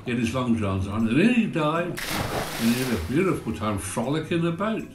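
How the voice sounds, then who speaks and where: A chatty man spinning comic village yarns, his voice swinging lively up and down. The room sounds roomy, and a faint guitar plays behind him. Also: mid-range voice, a little fast. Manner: chatty, folksy. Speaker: storyteller.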